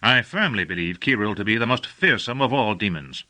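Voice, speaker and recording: A husky, proud sorcerer full of wrath, as a male narrator puts him on, cruel and menacing. His raised voice comes out bright and tense in an audiobook reading. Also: lowish voice, expressive, fairly quick, poor audio. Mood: indignant. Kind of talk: audiobook character voice.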